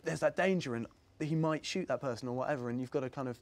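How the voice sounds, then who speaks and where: A young English man talks in a loose, rambling way as an interview guest and laughs often. His voice sits at an ordinary middle pitch. It is a relaxed, unscripted chat. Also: quick pace. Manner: chatty, rambling, laughs easily. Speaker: actor guest. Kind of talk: casual interview.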